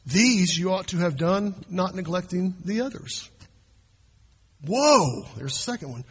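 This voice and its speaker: A man's voice: sits high, animated, unhurried, slightly rough. A man, preaching a sermon as pastor and talking to his congregation in a conversational way. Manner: conversational, asks the congregation questions. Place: church sanctuary. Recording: long hall reverb.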